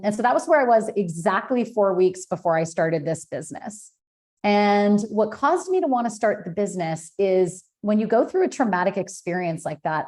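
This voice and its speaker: A woman in her thirties speaks as a podcast guest about her own life. She talks candidly and with feeling, her voice pitched in a middle range. Fillers and restarts come often as she tells it. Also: a little mellow. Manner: candid, emotional storytelling with many fillers. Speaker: podcast guest, business founder. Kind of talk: personal story in an interview.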